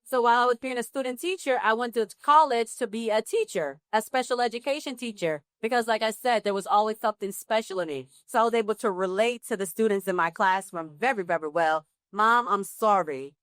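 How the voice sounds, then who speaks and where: A woman from New Jersey, a guest actress telling her story in a live interview, with lively acted-out dialogue. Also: on the high side, fast talker, hardly any pauses, no room sound, studio quality. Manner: animated, acts out dialogue with laughs and exclamations. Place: live pop-up event at a film festival.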